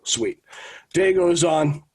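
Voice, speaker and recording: A man in his thirties, from New England, who talks at a somewhat high pitch for a man. He co-hosts a casual sports podcast and tells stories animatedly, often restarting his sentences as he goes. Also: slow. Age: 30s. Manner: animated anecdote telling with frequent restarts. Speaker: podcast co-host.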